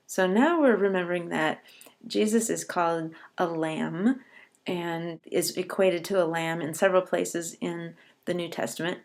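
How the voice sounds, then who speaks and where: Woman professor explaining a poem. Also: on the low side. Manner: patient, explanatory, reads verse lines slowly and deliberately. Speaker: college professor.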